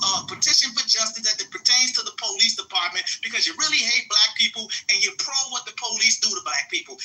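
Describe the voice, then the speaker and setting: A man in a heated live audio-room debate, arguing forcefully and swearing often. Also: very high voice, low-quality recording. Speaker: debate participant.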